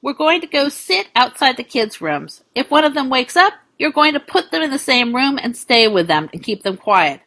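A woman's voice: high voice, sing-song, moderate pace, hardly any pauses, pushed and bright, voice pushed up, heavily acted. A woman voicing a tough woman operative who gives curt, profane orders. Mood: cold, commanding. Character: tough, blunt woman operative, hard and commanding.

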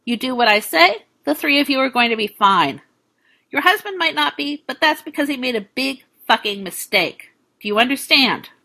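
A woman's voice: high-pitched, animated, moderate pace, vocal fry, sharp tone, pitched above the performer's own voice, heavily acted. A woman voicing a tough woman operative who gives curt, profane orders. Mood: cold, commanding. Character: tough, blunt woman operative, hard and commanding.

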